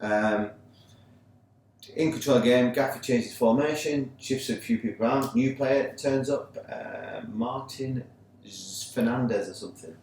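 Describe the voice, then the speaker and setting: An English man chats casually on a sports podcast. He tells his stories with lively back-and-forth, putting on the voices of the people in them. The sound is very echoey and distant, with faint room noise behind him. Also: medium pitch, a little slow. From England. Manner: animated storytelling, acting out both sides of an argument. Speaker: podcast co-host. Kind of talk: casual chat.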